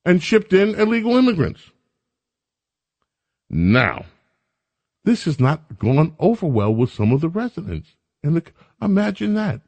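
Sarcastic male commentary host. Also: mid-range voice. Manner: sarcastic, mocking, emphatic. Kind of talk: opinion commentary.

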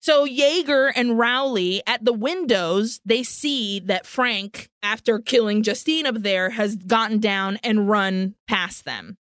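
A woman with a fairly high voice retells a film's plot, acting out each character as she goes. She switches between English and in the middle of a story. The sound is dry and close. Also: slow, few pauses, a bit bright, no echo. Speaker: podcast co-host recapping a film. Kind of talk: casual comedic film recap.

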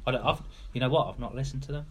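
A man's voice: mid-range voice, very fast, a little hiss or hum. A man co-hosting a casual beer podcast, blunt and wry, swearing freely. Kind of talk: casual chat.

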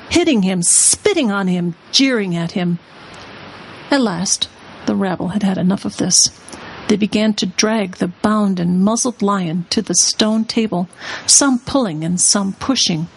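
A middle-aged woman on a radio talk show, reading a children's novel aloud in an earnest, expressive way, with hesitant fillers between phrases. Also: medium pitch, creaky, a little hiss or hum, poor audio.

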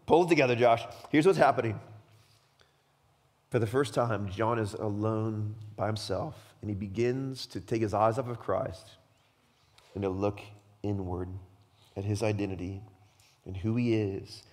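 A male pastor preaching a sermon, impassioned and tearful, swinging from hushed words to loud bursts. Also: lowish voice, unhurried. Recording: long hall reverb.

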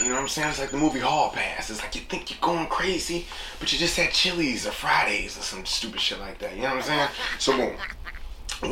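A man hosting a casual solo talk show, rambling in slang and acting out little quotes. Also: mid-range voice. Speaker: podcast host. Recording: echoey room with steady noise.

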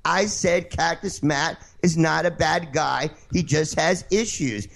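A man's voice: on the high side, slow, vocal fry, fairly bright tone. A man hosting a show, arguing heatedly with a caller, defensive and swearing, repeatedly insisting on finishing his point. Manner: defensive, interrupting, swearing, keeps asking to finish. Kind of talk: heated call-in radio argument.

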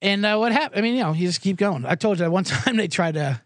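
Lively, high-voiced profane betting host. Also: male voice, fast, dry recording, clean studio sound. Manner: profane, rambling, self-mocking. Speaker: sports betting podcast host. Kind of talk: casual sports betting talk on a live podcast. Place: small booth alone. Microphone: studio microphone.

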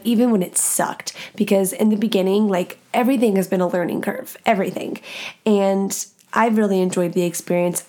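Medium in pitch and darkish in tone, this early-thirties podcast host talks on her own show in a casual solo format. She speaks frankly, swears freely, and keeps the chatter flowing with laughs.

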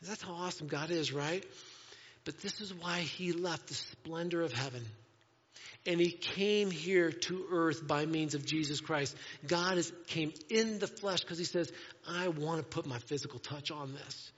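A man preaching a sermon in a conversational way, moving between playful asides and hushed, earnest moments. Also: a little high, measured pace, big-room sound, muffled recording. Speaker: pastor. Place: church sanctuary.

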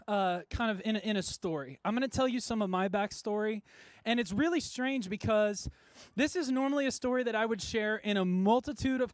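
Guy with a high voice preaching at church, joking around, lots of ums and laughs, dry close sound. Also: no echo. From Texas. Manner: chatty, self-deprecating, laughs often, many fillers. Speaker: worship pastor. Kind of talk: sermon. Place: church service before a congregation.

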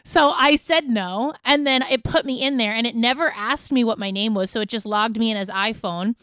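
A woman's voice: on the high side, normal speed, a bit bright, smooth, no room sound. A young woman co-hosting a podcast from her home, bluntly funny, swearing freely and laughing at herself. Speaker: podcast co-host. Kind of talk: casual podcast chat.

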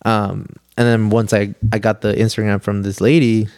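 Young male guest, low and gravelly, rambling casual storyteller, dry close sound. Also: little pitch movement, normal speed, a little mellow, no echo. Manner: rambling, heavy use of "like", swears freely. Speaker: podcast guest.

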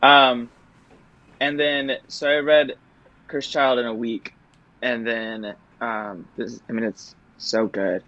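A man's voice: mid-range voice, flat delivery, takes it slowly, bright, forceful tone, lo-fi sound. A young man, a stage actor, telling an audition story in a chatty, self-deprecating way, with many fillers and laughs. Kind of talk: casual interview storytelling.

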